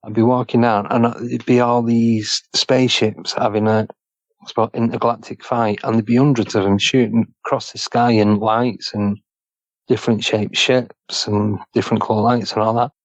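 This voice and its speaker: A man from Manchester, recounting a personal experience as a podcast guest in halting, clipped fragments. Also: lowish voice, level tone, no room sound, highs cut off. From Manchester, England.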